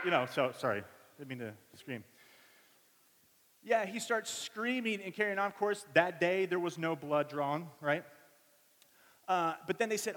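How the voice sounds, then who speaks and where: An animated man in his thirties preaches from the pulpit, his somewhat high voice carrying a long reverb through a big church hall. He tells family stories and jumps into the voices of the people in them. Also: fairly quick. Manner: animated storytelling, acts out voices of family members. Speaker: pastor. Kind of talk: sermon with personal stories.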